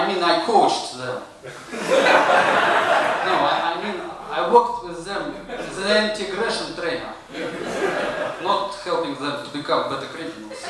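A man from Russia with a Russian accent, performing a stand-up comedy set with a slow, deadpan delivery. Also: on the high side. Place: stage in a comedy venue. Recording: very echoey room, voice from a distance, audible noise.

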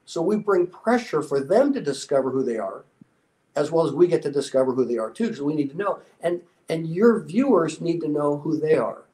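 A man in his sixties, a guest in an interview, telling a story earnestly and with a motivational drive, often dropping to a softer, lower voice when he quotes people. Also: lively intonation, a little fast, low-quality recording. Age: 60s. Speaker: interview guest, former special warfare instructor. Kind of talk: conversational storytelling.

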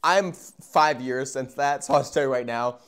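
Young dude ranting through a story, cursing, loud then mumbly, super casual. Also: male voice, medium pitch, normal speed, clean tone. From Arizona. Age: young adult. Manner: animated, profane, swings loud and quiet.

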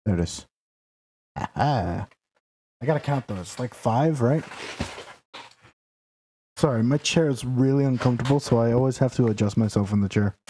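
A man's voice: mid-range voice, normal speed, long pauses, warm tone, slight background noise. A young man streaming a game live, rambling casually, chatting to viewers and teasing game characters in mock outrage. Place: home room, sitting in a noisy chair.

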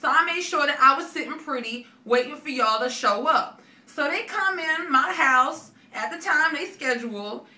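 A woman playing a brassy new york caller fed up with her bill, high bright voice, roomy off-mic sound. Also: animated, moderate pace, recorded from a distance, heavily acted. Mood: irate. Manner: brash slangy complaining. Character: loud sassy irate woman customer from the Bronx.

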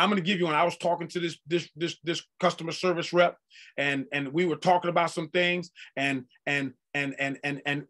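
A man preaching a sermon with fervor, swinging from quiet stretches to loud bursts and repeating words for emphasis. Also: high-pitched. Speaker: apostle preaching.

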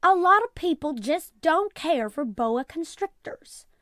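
A woman's voice: high voice, expressive, unhurried, a bit bright, dry recording, studio quality, voice pushed up. A woman reading aloud and voicing a kindly, relieved woman teacher in a storybook.

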